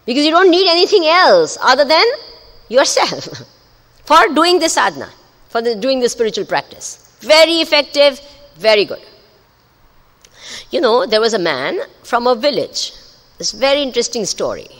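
Woman, spiritual teacher, animated storytelling, lively pitch, long hall reverb. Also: normal speed, long pauses. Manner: animated storytelling, checks the audience. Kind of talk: spiritual discourse. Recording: echoey hall.

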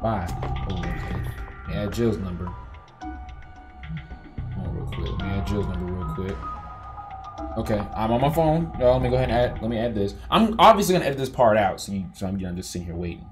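Brief: man, gaming YouTuber, lively pitch, chatty and loud in bursts, game music behind. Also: brisk, pauses often. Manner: animated, chatty, talks straight to viewers, yelps when startled. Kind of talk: let's play commentary.

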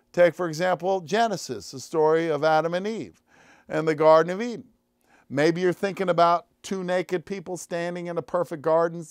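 Emphatic high-voiced male preacher. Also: dry recording, clean studio sound. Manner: emphatic, building repetitive phrases; folksy, casual asides. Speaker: priest and TV show host. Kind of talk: broadcast Bible reading and preaching.

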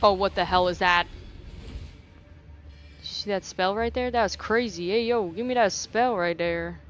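A woman's voice: medium pitch, measured pace, highs cut off, faint music behind. A young woman doing let's play commentary. She swears freely, repeats phrases and talks back to the game. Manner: animated reactions, repeats phrases. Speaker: gaming YouTuber.

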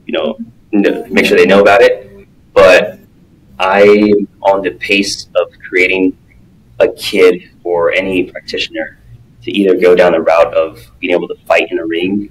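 A man talking as a guest in a casual podcast interview, a martial arts coach who speaks earnestly and acts out quotes in an animated way. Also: low-pitched, rough recording.

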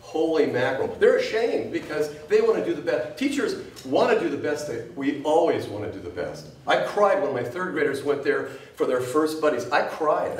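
A woman's voice: low-pitched, darkish tone, slight background noise. A woman teacher gives an emotional, scolding public comment at a school board meeting, her voice rising and falling with feeling. She sounds distant from the mic in an echoey board room.

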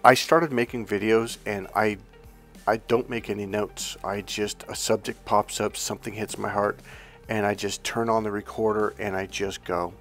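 A man working as a dating and relationship coach, telling an unscripted story in an energetic, earnest way with rambling restarts. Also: on the low side, normal speed, soft background music.

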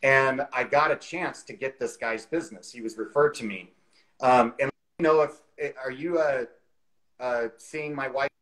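A man in his forties, a real estate expert, telling a story in a casual interview over a video call, with lively fillers like "you know" and "like". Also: mid-range voice, normal speed, rough recording. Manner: animated, chatty anecdote telling with many fillers.

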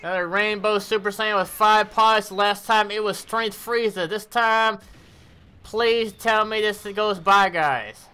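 A woman giving casual commentary on her mobile game summons, animated and cursing at bad pulls. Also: medium pitch, a little slow, smooth. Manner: animated, groaning, swears.

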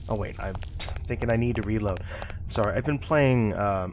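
A man's voice: fairly low pitch, normal speed, highs cut off, slight background noise. A man casually commenting while playing a video game, talking to himself and to viewers with playful, teacher-like asides. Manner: chatty, talks to himself and viewers. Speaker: let's play host.

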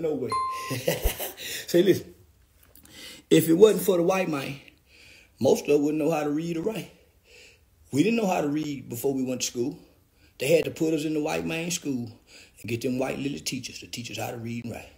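A man ranting to camera in a loud, theatrical comedic vlog, with exaggerated mock-crying and preaching. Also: a little high, normal speed, vocal fry, long pauses. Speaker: vlogger. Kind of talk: comedic celebratory rant to camera.

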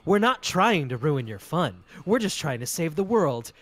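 A man's voice: a little high, very animated, moderate pace, faint music behind. A man voicing an earnest male agent pleading for help to save the world, with stammering urgency. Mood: urgent.

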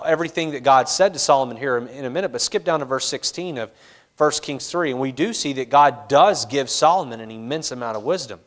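A pastor preaching a sermon in a church, talking in a loose, conversational way with many fillers and acted asides. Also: male voice, mid-range voice. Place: church sanctuary.

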